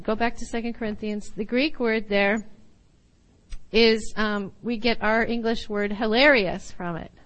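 A woman teaching a sermon, reading scripture aloud and then explaining it, with laughs and quick asides. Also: a little high, fairly bright tone, rough recording. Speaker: Bible teacher.

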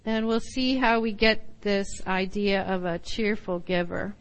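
A woman teaching a sermon, reading scripture aloud and then explaining it, with laughs and quick asides. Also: medium pitch, steady tone, low-quality recording. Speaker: Bible teacher.

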